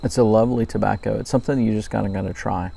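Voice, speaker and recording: A man from Louisiana casually reviewing pipe tobacco, relaxed and rambling with frequent ums. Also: fairly low pitch, rapid-fire, vocal fry, breathy edge. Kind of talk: casual night-time review vlog.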